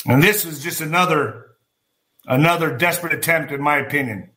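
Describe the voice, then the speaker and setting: Guy ranting on his vlog, cussing a lot, bright punchy voice, kinda high. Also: fairly quick. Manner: blunt, swearing, emphatic, addresses viewers as folks. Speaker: commentary vlogger. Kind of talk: profane political commentary rant.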